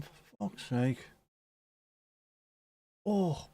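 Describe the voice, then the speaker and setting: A man in easy, sweary live match commentary, talking loosely to his viewers between plays. His voice sits at a middling pitch. The sound is dry and close. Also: brisk, darkish tone, no room sound. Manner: chatty, sweary, laid-back. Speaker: streamer hosting a football watchalong.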